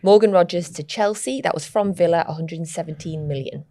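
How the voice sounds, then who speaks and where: A woman hosting a football podcast, moving the show along briskly and reading the sponsor message. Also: lowish voice, dark tone. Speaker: podcast host. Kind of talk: presenting, reading an ad read.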